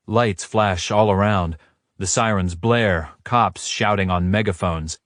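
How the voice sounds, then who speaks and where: A man narrating a romance audiobook in a steady, first-person storytelling manner. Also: sits low, slow pace, no echo, clean studio sound.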